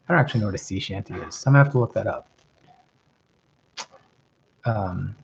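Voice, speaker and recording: A middle-aged man from the American South with a mild Southern accent, hosting a livestream and answering viewer questions in a relaxed, reflective way. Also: on the low side, a little fast, vocal fry, long pauses, a little hiss or hum. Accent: metropolitan Southern American, mild. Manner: relaxed, reflective, many ums and rights. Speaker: host giving advice, reading viewer questions. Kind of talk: casual livestream chat. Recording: slightly dull lo-fi stream audio.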